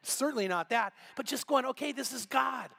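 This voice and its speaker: Guy pastor giving a sermon, high-ish voice, acts out the quotes. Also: a little fast, creaky. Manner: animated storytelling with voiced quotes.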